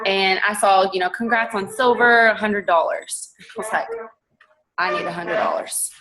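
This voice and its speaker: A young woman, chatting casually as a guest on a call and telling her story in an animated way. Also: fairly low pitch, moderate pace, crowd noise, poor audio. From Texas. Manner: chatty, animated, laughs often.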